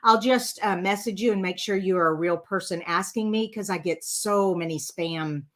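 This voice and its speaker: A woman's voice: medium pitch, normal speed. A middle-aged woman, chatting casually with viewers during a live card-making stream, rambling and full of fillers. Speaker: card-making channel host.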